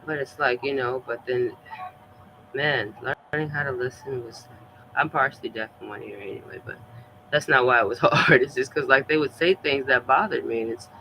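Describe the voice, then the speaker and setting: Bright-voiced man rambling casually. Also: mid-range voice, moderate pace, slight background noise, low-quality recording. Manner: rambling, loose and animated, lots of fillers and laughter. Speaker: streamer.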